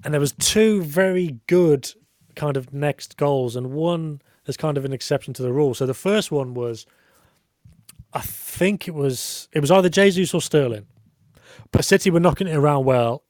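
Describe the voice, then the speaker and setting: A man's voice: a little high, normal speed, darkish tone, no echo, studio quality. A man chatting casually on a podcast, rambling and self-deprecating. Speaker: podcast co-host. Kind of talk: casual chat.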